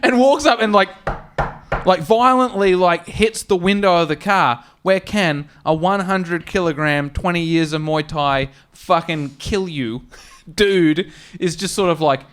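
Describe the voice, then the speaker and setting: This man's voice sits high and smooth, and he keeps a measured pace while spinning a funny tale for a comedy podcast. Cursing a lot and full of energy, he plays each character with a raised voice.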